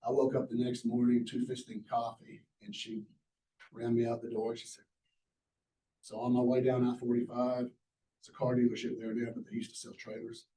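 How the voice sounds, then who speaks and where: A middle-aged man with a drawl tells stories from a lecture stage. His voice is deep and very mellow. It rings through a large, echoey hall, picked up by a mic some way off. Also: monotone, moderate pace, recorded from a distance. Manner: folksy storyteller, acts out the quoted lines. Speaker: entrepreneur giving a masterclass talk. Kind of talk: storytelling lecture to a live audience.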